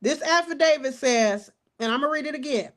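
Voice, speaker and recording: A woman in her forties giving fired-up casual commentary on a crime case, outspoken and animated, talking straight to her viewers and cussing as she goes. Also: high-pitched, a little fast. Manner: animated, outspoken, cusses and addresses viewers as y'all.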